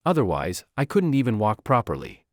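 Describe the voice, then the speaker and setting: A man's voice: on the low side, wildly swooping pitch, a little fast, dry recording, clean studio sound, full character voice. A man voicing a sly young lord who pretends to be blind, pleading in a wheedling, mock-pitiful way.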